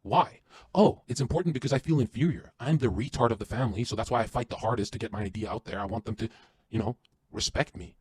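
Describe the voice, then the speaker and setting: A man guesting on a podcast, delivering an intense, profane motivational rant that swings from loud to hushed. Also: mid-range voice, fast talker, breathy edge, no room sound.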